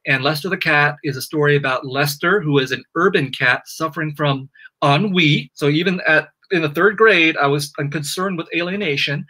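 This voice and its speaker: A middle-aged author chatting from home in a bright, forceful, fairly high voice. He is lively and self-deprecating as he answers interview questions. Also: normal speed, poor audio. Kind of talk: interview over video call.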